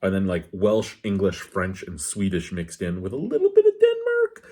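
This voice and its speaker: A man with a slightly low, husky voice, casually reviewing a beer on camera. He chats loosely and wanders off into tangents before coming back. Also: wildly swooping pitch, moderate pace, warm tone. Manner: rambling, digressive, candid; talks with his hands.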